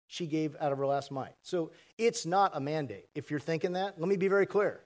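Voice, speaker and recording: A pastor preaching a sermon to a congregation, conversational and asking the audience questions. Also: male voice, a little high, brisk, darkish tone. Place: church hall with congregation. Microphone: handheld mic.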